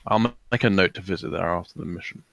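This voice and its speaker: A man's voice: low voice, gravelly, no echo. A man playing a tabletop role-playing game, joking and describing his character's actions in a playful way. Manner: playful, animated, quick to laugh. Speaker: player.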